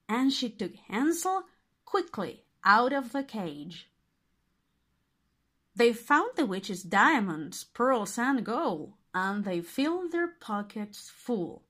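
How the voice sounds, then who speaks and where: A woman reading a fairy tale aloud as narrator, expressive and deliberate. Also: a little high. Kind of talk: storybook reading.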